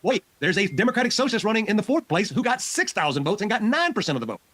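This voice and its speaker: A man's voice: high voice, big pitch swings, very fast, a bit bright, dry recording. A man hosting a political podcast, talking loosely and swearing casually as he runs through results. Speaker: podcast host.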